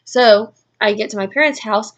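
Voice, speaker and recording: A woman's voice: a little high, moderate pace, a bit bright. A young adult woman telling a story in a casual vlog, rambling with constant "like" fillers. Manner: rambling, heavy use of "like" fillers. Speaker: vlogger.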